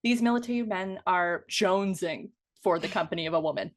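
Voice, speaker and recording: A woman's voice: lowish voice, brisk. Giggly, self-deprecating woman guest. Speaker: guest co-host. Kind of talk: casual chat.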